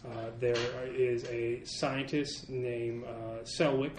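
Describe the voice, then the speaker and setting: A man narrating as game master, talking in a halting way with many fillers. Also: medium pitch, steady tone. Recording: echoey room with faint hiss.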